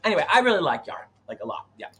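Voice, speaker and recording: A man's voice: sits high, very animated, very fast, pushed and bright. A man in his thirties co-hosting a casual chat, talking dramatically and acting out other people's voices. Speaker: co-host.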